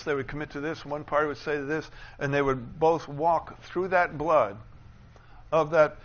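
A man preaching a sermon as pastor, building to loud, emphatic declarations and dropping into quick conversational asides. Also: fairly high pitch, muffled recording.

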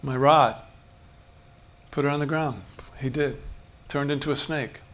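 A man's voice: medium pitch, fairly even intonation, a little slow, fairly bright tone. A man preaching a sermon in a conversational way, acting out short bits of dialogue and chuckling as he goes. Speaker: pastor.

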